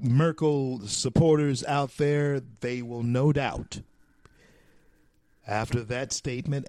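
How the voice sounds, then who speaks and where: A man from the United States hosting a talk show, delivering a folksy, preachy opinion monologue with drawn-out emphatic phrases. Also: mid-range voice, mellow, dry recording.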